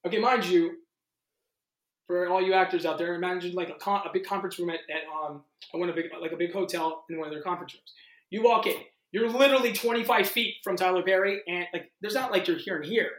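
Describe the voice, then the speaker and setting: A male actor telling audition stories in a casual interview, animated and full of "like". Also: sits high. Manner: animated, fast-shifting, heavy use of "like". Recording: roomy echo.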